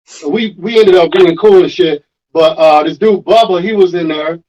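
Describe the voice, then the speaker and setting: A man with a fairly high voice tells a story in casual, profane chat, acting out the voices of the people in it. The sound is dull and lo-fi. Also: normal speed. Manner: animated, profane, acts out quoted voices. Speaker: rapper guest.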